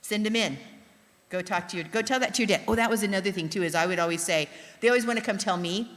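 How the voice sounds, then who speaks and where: A middle-aged woman, a pastor's wife, telling candid family stories to a congregation in a chatty, animated way. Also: mid-range voice, quick pace. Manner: chatty, animated, acts out her own reactions. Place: church sanctuary. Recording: long hall reverb.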